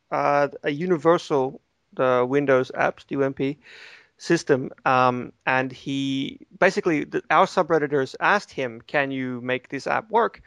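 A man's voice: fairly high pitch, dry recording. A man co-hosting a casual gaming podcast, rambling along with lots of fillers. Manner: rambling with many fillers, animated. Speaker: podcast co-host.

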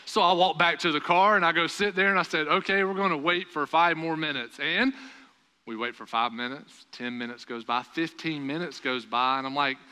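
A young man preaching a sermon, telling a story with animated storytelling and raised voices for the dialogue. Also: a little high, normal speed, smooth. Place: church sanctuary. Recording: long hall reverb.

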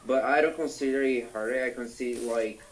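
A man's voice: mid-range voice, brisk, rough recording. A man speaking English as a second language in casual chat, often repeating words while he searches for phrasing. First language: not English. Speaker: English learner in conversation.

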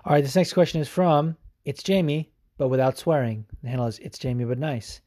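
Male podcast host, casual, profane, rambling; mellow voice, dry close mic. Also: medium pitch, a little fast, no room sound. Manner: profane, rambling, frequent fillers.

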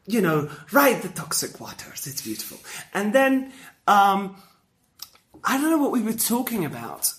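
A man's voice: a little high, pushed and bright. A young man from Spain, chatting casually and telling a story, restarting sentences and laughing often. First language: Spanish.

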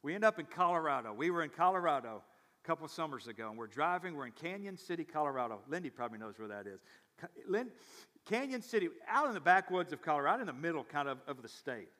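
Preaching pastor in a reverberant hall. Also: male voice, on the high side, very animated, fast. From South Louisiana. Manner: storytelling, swings from loud emphatic bursts to quiet asides. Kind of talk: sermon. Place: church sanctuary.

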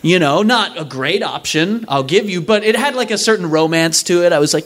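A young man tells a funny personal story to a live audience. His voice sits a little higher than most men's, and it jumps around as he acts out each person in the story. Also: brisk. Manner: animated, acts out other people's lines. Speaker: stand-up storyteller. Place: live stage before an audience.

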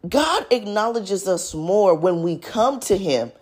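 A woman's voice: medium pitch, expressive, slow, darkish tone, slightly rough. A woman in her twenties speaking to viewers in a casual, earnest faith talk, often addressing them as y'all. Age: 20s. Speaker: vlogger.

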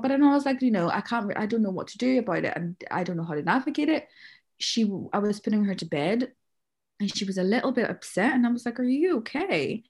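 A woman chats casually, telling stories with quoted voices. She laughs often, and her pitch sits in a middle range. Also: a little mellow, husky. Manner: chatty storyteller, acts out quotes, laughs often. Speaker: mother sharing her story. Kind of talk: casual chat.

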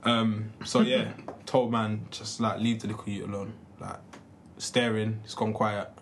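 Guy telling a story, animated. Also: fairly low pitch, unhurried, slight background noise. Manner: animated storyteller, heavy slang, many fillers. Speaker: podcast co-host. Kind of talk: casual chat among friends.

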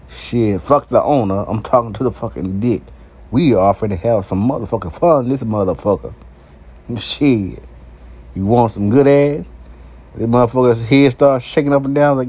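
A man speaking at an ordinary middle pitch in a brash, uncensored vlog monologue. He talks loosely and profanely, with lots of energy, and his delivery is blunt and unfiltered. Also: normal speed. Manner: profane, brash and animated, often laughing. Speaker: vlogger.

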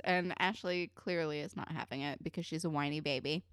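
A woman's voice: on the low side, normal speed, clear, resonant tone, dry recording, clean studio sound. A woman co-hosting a casual TV recap podcast, talking bluntly and swearing freely in exasperated rants. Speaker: podcast co-host.

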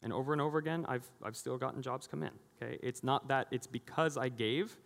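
A man's voice: medium pitch, a little fast, creaky. Chatty pastor man in a reverberant hall. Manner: conversational, jokey, acts out quoted voices. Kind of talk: sermon.

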